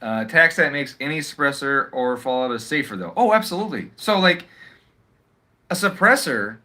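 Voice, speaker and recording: A man's voice: medium pitch, animated, moderate pace, bright, forceful tone. Profane, sarcastic man ranting on a livestream. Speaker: live streamer. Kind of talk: casual livestream rant. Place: at home.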